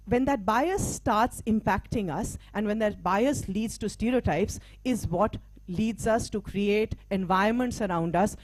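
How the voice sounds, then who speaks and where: A woman's voice: a little high, darkish tone, no echo. A middle-aged woman, a mental health practitioner and diversity trainer, giving a motivational stage talk in a conversational way. She often asks "right?" and "okay?" to check in with her listeners. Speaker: speaker at a live talk event.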